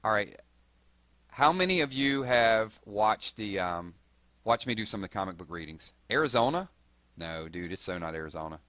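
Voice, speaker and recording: Fast-talking Southern man from Georgia. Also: fairly low pitch, no echo. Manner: fast-talking, excitable, answers chat. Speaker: live-stream host. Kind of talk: casual live-stream chat.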